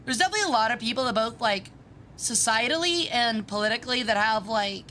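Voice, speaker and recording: A woman streaming a game with casual commentary. She sounds bratty, swears freely and reacts fast. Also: fairly high pitch, animated, bright, forceful tone, slight background noise.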